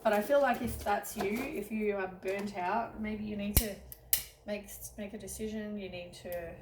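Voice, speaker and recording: A woman's voice: mid-range voice, steady tone, normal speed, noisy background. A woman giving a casual tarot reading, tired and yawning, rambling with many ums and self-corrections. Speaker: tarot reader.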